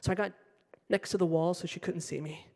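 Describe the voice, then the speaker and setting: A woman's voice: lowish voice, fairly quick, creaky. Wry middle-aged woman doing stand-up. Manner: animated, wry and self-mocking. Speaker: stand-up comedian. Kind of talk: stand-up storytelling. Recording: stage mic with hall reverb.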